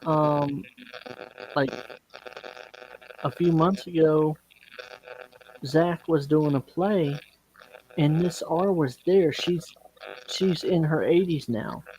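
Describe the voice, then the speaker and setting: A man's voice: fairly high pitch, slow pace, pauses often, a little mellow, poor audio. A man in his forties, a dating and business coach, telling stories casually and repeating words as he acts out dialogue. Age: 40s. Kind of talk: casual storytelling on a live stream.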